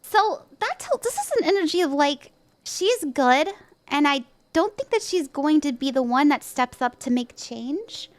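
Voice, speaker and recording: High-voiced chatty woman reading tarot. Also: expressive, a little slow. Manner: chatty, upbeat, full of "like" and "you know", laughs often. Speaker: tarot reader and stream host. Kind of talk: casual livestream tarot reading.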